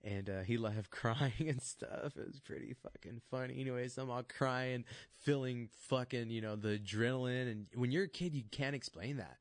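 A man's voice: mid-range voice, normal speed, few pauses, dry recording. A man, a fight coach and podcast guest, telling stories in a laid-back, casual way, swearing a lot and laughing often. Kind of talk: casual storytelling.

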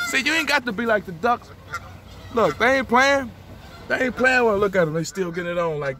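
A man recording a motivational vlog outdoors by a street on a handheld phone. He repeats affirmations and gives excited running commentary. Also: extremely high pitch, fairly quick. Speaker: motivational vlogger.

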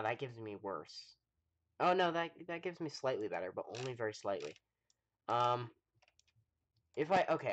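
A man's voice: mid-range voice, a bit bright. A man casually commenting on his gameplay during a live stream, thinking aloud with many ums and answering chat. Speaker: gaming livestreamer.

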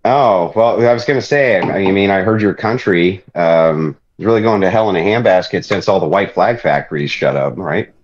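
A lower-voiced man from Ireland rants on a podcast, swearing freely and mocking his guests with exasperated sarcasm. The sound is muffled and a bit lo-fi. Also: moderate pace, few pauses. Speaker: show host. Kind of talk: ranting podcast banter.

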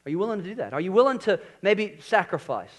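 A middle-aged man preaching a sermon in church, energetic, swinging between loud emphasis and quiet low asides. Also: fast. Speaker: pastor. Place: church sanctuary.

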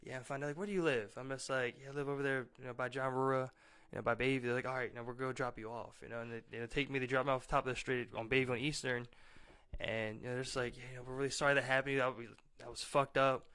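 A man's voice: mid-range voice, fairly even intonation, racing, fairly bright tone, smooth. A young man telling a rambling personal story in casual podcast talk, full of fillers and acted-out quotes.

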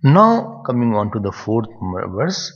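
An older man with an Indian English accent gives a scripture discourse, teaching in a loose, conversational way. His voice is gravelly and husky. The sound is dull and lo-fi, with a long hall echo around it. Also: medium pitch, animated, normal speed. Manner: conversational, digressive teaching, mixing in Hindi phrases. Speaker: spiritual teacher. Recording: dull, echoey hall recording.

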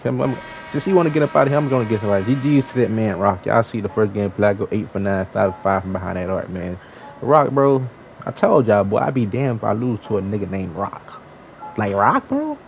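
Low gravelly young man trash-talking. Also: a little fast, highs cut off, a little hiss or hum. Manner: slangy, trash-talking, excitable. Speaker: gaming YouTuber. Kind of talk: live gameplay commentary.

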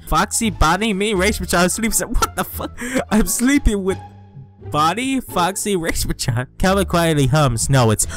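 A young man hosting casual gameplay commentary, reading events aloud and reacting with shouts, swearing and laughter. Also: high-pitched. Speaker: gaming channel host.

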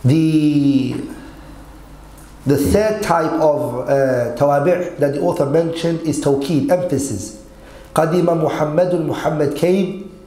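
A man's voice: fairly high pitch, warm tone, echoey room, low-quality recording. A man teaching Arabic grammar in an online lesson, quizzing his students and mixing Arabic quotes with English.

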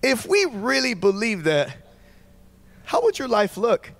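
A man preaching a sermon in a church, shouting out fervent declarations to the congregation. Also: extremely high pitch, wildly swooping pitch, measured pace. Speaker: guest pastor.

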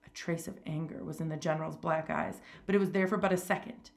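A woman reading a story aloud with a steady, measured delivery. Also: sits low, vocal fry. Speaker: narrator.

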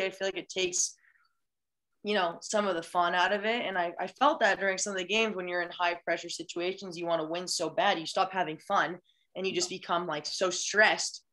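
Gushing and enthusiastic, this college beach volleyball player, a young adult woman, chats casually as a podcast guest with many restarts. She speaks in a bright, forceful, mid-range voice.

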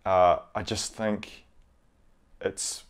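Young guy, lowish voice, rambling casual review, lots of ums, pretty low-key. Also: level tone, extremely slow, smooth. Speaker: video reviewer.

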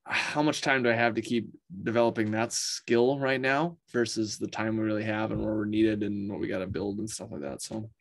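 A man's voice: lowish voice, fairly quick, gravelly, hardly any pauses. A man talking as an interview guest in rambling, casual conversation over a video call. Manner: rambling, animated storyteller.

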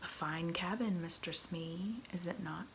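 A woman's voice: on the low side, unhurried, vocal fry, a bit bright, a little hiss or hum, poor audio. A woman whispering a vain, short-tempered male pirate captain in a whispered role-play. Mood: gruff.

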